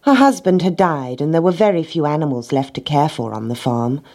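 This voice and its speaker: A woman reading a children's storybook aloud in a gentle, measured way. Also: low voice, lively intonation.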